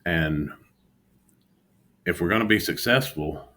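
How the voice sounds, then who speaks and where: A futures day trader records an earnest, self-critical vlog to camera from a home room with an exercise bike, speaking candidly about his trading setbacks. His low voice is slow, bright, and forceful.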